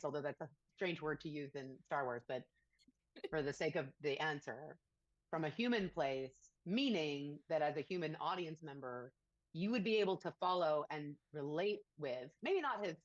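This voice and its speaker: Interviewee, woman with a very low voice, thoughtful and searching for words, dull dry clip. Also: expressive, moderate pace, dry recording. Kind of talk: interview answers.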